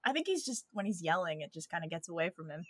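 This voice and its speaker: A woman's voice: on the low side, very animated, fast, a bit bright, breathy edge, no echo. A woman co-hosting a casual podcast, easygoing and often laughing. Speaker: podcast co-host.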